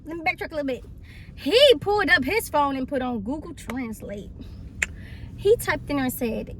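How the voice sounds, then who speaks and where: A young woman tells a storytime in a high, bright voice that jumps up when she gets worked up. She talks straight to her viewers, acting out the people in her story. A faint noise sits underneath. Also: moderate pace. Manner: animated, exclamatory storytelling with quoted voices. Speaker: vlogger. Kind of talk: casual storytime.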